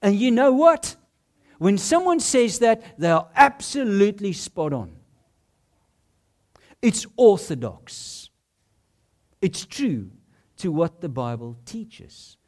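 A preacher speaking slowly and deliberately, pitch rising and falling with lively emphasis. The sermon builds through rhetorical questions and short, punchy lines. Each point is given room to land. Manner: measured, punchy short phrases.

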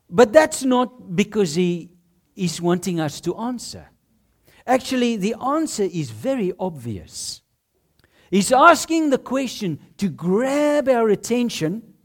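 A preacher delivering a sermon in an emphatic style, asking rhetorical questions and landing points in short, punchy phrases. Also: mid-range voice.

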